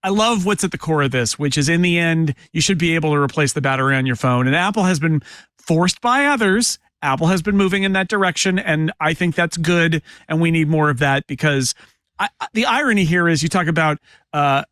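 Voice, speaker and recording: A wry, opinionated man on a podcast panel with a fairly high voice, talking in quick bursts. The sound is dry and close. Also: fairly bright tone, dry recording. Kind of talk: casual panel chat.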